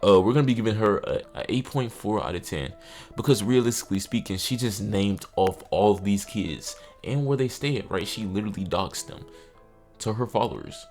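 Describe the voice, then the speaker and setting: A young man hosting comedic video commentary, animated and slangy with joking asides. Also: fairly low pitch, fairly quick, faint music behind. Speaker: commentary host.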